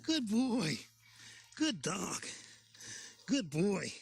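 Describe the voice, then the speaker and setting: A man in dog training, calling out short bursts of high, raised praise to his dog. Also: sing-song, very slow, vocal fry, breathy edge.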